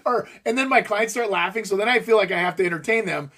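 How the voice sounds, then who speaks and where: A man who works as a realtor, telling stories in an animated, jokey way and laughing as he talks. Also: high voice, fast talker. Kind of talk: casual storytelling chat.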